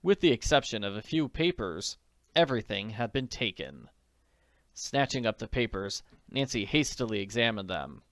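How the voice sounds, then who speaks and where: A man narrating an audiobook in a measured, steady reading voice. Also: lowish voice, dry recording, studio quality.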